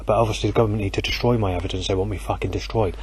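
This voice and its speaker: A man with a low, darkish, steady voice races through an angry, rambling rant full of swearing. It's recorded outdoors at night on a handheld digital audio recorder, with slight background noise.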